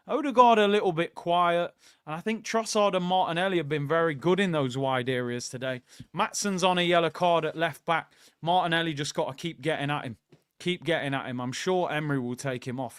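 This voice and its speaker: Male watchalong host: casual, opinionated, talks straight to viewers. Slightly high voice, smooth, dry close sound. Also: dry recording. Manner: casual, opinionated, conversational, addresses viewers directly. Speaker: host of a live football watchalong. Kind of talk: live watchalong commentary, reading out chat.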